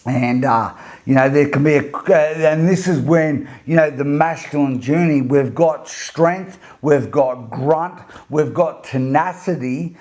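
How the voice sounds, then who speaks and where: Middle-aged aussie-raised guy coaching men, tells stories, rambles and repeats himself, voice sits a bit high. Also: measured pace, hardly any pauses, a little mellow. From Australia. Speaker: men's coach and podcast host. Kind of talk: motivational storytelling talk.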